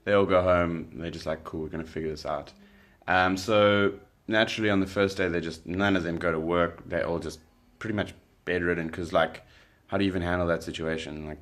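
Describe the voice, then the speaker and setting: A young South African man casually telling a story, relaxed and rambling, with lots of fillers and restarts. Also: low voice, brisk, hardly any pauses. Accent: South African English. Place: indoors by candlelight.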